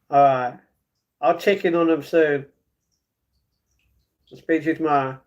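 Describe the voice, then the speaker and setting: London man, livestreamer, slow easygoing talk, reads chat aloud, chuckles a lot. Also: on the high side, steady tone, lo-fi sound. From London, England. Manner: reads chat messages aloud and answers them, chuckles often. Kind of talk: casual live stream chat. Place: at home.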